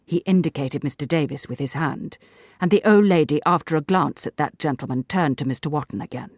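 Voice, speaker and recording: A woman narrating a classic short story for an audiobook in a measured, even manner. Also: extremely low pitch, husky, dry recording, studio quality.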